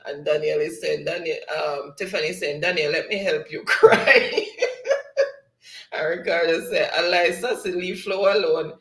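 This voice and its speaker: Jamaican male co-host, higher voice, chuckles through chat readouts. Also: steady tone, normal speed, creaky, sharp tone, echoey room. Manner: giggly, reads viewer comments aloud. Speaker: live show co-host reading chat. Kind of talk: casual live-stream chat.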